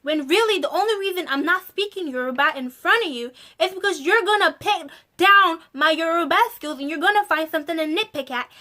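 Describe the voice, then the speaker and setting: Young woman vlogger, high voice, casual, laughs a lot. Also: fairly quick, few pauses. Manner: animated, laughs often, exasperated. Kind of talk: casual storytelling to camera.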